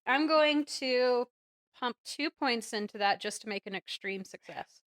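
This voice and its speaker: Bright-voiced woman, blunt game player. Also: a little high, a little slow. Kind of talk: casual chat at a tabletop game.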